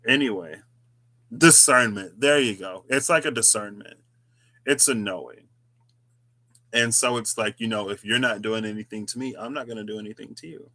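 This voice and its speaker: Male tarot host, lowish voice, casual reflective monologue with wandering tangents. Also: moderate pace, bright, forceful tone. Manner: rambling, musing, chatty asides. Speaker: tarot reader, channel host.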